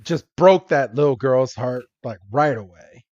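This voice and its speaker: A man's voice: mid-range voice, a little slow, a little mellow, dry recording. A man co-hosting a podcast, recapping a cartoon episode in a chatty way and laughing often. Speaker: podcast co-host. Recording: dry, dull lo-fi podcast audio.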